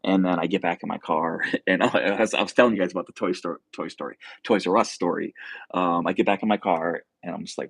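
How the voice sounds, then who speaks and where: A man's voice: sits low, flat delivery, fast, gravelly, no room sound. A young man hosting a casual livestream, telling a rambling story full of fillers and restarts and reading viewer comments. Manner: reads viewer comments aloud. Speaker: livestream host.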